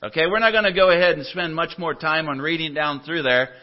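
A man's voice: on the high side, steady tone, a little fast, few pauses. Earnest preacher man, dull lo-fi recording. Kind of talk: sermon. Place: church. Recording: dull lo-fi church audio recording.

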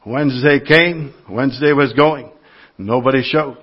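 A man's voice: medium pitch, measured pace, slightly rough, lo-fi sound. A man preaching a sermon to his congregation, telling everyday stories in an earnest, conversational way. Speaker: lay preacher.

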